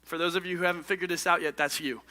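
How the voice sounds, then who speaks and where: A male pastor giving an energetic, conversational, jokey sermon in a church. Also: on the high side, very fast. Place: church stage.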